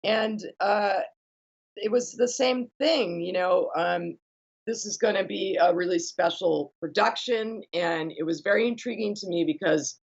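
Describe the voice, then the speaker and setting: A woman's voice: medium pitch, a little slow, slightly rough, highs cut off. A woman, a guest rock musician, chatting casually and filling her talk with "you know" and restarts. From United States. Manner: chatty, many fillers and self-corrections. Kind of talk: casual conversation.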